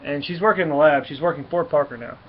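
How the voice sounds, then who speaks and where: A man talks through a comic issue in a loose, rambling way, stumbling over restarts and fillers. His voice sits a little high for a man. The recording is dull and lo-fi, with a faint hiss underneath. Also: fast talker. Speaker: comic book reviewer. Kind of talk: casual comic review.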